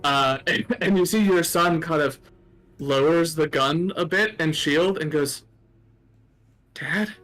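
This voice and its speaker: A man running a tabletop game as game master. He describes the scene in a loose, rambling way and fills his pauses with many ums and uhs. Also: fairly high pitch, a bit bright, faint music behind. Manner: rambling narration with many fillers.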